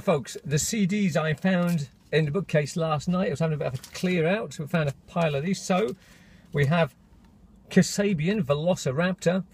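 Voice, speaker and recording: Male vlogger, chatty, rambling, faint background hiss. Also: on the high side. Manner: chatty, rambling, self-interrupting. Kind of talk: casual chat to camera.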